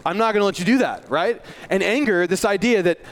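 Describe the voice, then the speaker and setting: A man's voice: high voice, a little fast. A male pastor giving a sermon in a church, earnest and conversational, with self-deprecating asides.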